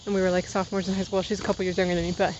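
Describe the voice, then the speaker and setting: A twenty-something woman vlogs as she walks uphill outdoors, a bit breathless, rambling casually from one side story to the next. Her lowish voice has a flat delivery and races along very fast. The recording is muffled, with background noise.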